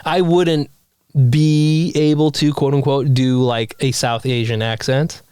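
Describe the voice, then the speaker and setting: A man hosting a comedy podcast, talking in a relaxed, casual way, full of fillers and quick reactions. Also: fairly high pitch, crowd noise.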